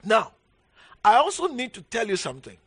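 A male bishop delivers an emphatic sermon, driving home each point by repeating it and punctuating it with hallelujah. His voice sits high for a man. The recording is dry and close, with no room echo. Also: huge pitch swings, moderate pace, fairly bright tone, breathy edge. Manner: emphatic, repeats key phrases, frequent hallelujahs. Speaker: bishop preaching.

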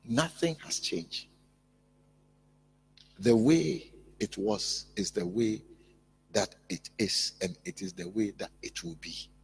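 A male pastor preaching a sermon in an emphatic, repetitive way, building up to loud peaks. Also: lowish voice, takes it slowly, long pauses, a little hiss or hum.

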